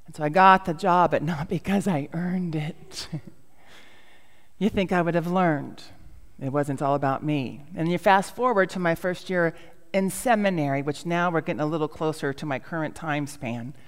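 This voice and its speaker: A woman's voice: deep voice, moderate pace, in a large hall. A middle-aged woman pastor giving a sermon in a storytelling way, with self-mocking humor.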